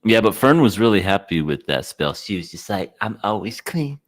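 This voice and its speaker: A lower-pitched man on a podcast in loose conversation. His pitch moves a lot, and he meets silly questions with dry, deadpan pushback. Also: fairly quick. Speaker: podcast co-host. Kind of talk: casual chat.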